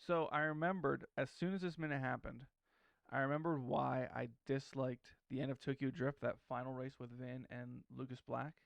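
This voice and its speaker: A man talks through a film scene on a podcast. He rambles and cuts himself off mid-thought. His voice is gravelly yet clear, and the close mic sounds dry. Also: mid-range voice, steady tone, normal speed, no echo. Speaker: podcast co-host. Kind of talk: casual movie-breakdown chat.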